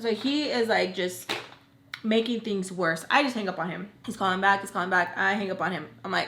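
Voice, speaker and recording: A young woman vlogger telling a long story in casual chat, animated and full of "like", acting out angry phone calls. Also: mid-range voice, a little fast. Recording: echoey room, faint noise.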